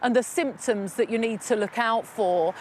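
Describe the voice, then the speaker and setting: A woman reporting live from outdoors on location, explaining clearly and informatively. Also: a little high, normal speed, darkish tone, slight background noise. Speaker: news reporter.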